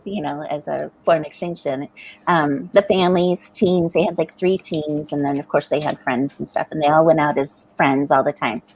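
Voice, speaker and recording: A middle-aged American woman with a low, slightly rough voice co-hosts a writing livestream, captured on a low-quality recording. She's an animated, chatty storyteller who laughs often while chatting casually.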